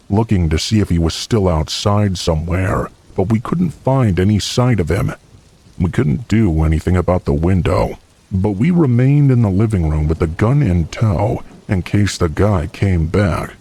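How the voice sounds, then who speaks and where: A man narrating a first-person horror story in a calm, steady storytelling manner. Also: low-pitched, breathy edge.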